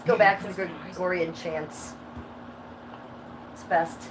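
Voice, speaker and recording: Woman, 50s, streamer, rambling and profane, lowish voice, noisy background. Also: slow. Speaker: livestreamer. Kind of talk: casual livestream chat. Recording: steady background noise.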